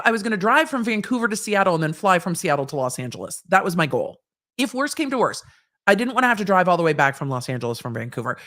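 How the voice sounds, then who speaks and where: A woman from Southern California hosts a live stream and tells a personal story with lots of wry asides. Her pitch climbs and dips freely as she talks, and she drops the occasional swear word. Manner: animated, wry, swears casually. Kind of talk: casual anecdote storytelling.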